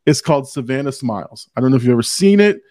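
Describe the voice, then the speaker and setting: A man's voice: mid-range voice, animated, fast, dark tone, dry recording, studio quality. A man hosting a podcast, talking earnestly in casual chat and often restarting as he tells personal stories. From Hispanic family background. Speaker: podcast host.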